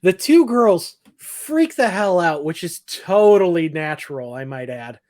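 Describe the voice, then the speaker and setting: A man co-hosting a podcast, recapping a TV episode in casual chat, animated and laughing often. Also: high-pitched, a little slow. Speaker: podcast co-host.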